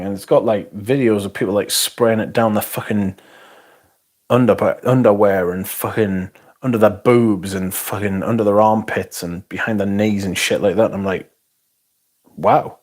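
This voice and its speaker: A man's voice: fairly low pitch, normal speed, a little mellow. A British man hosting a casual livestream, reading chat and answering in a blunt, sarcastic, sweary way.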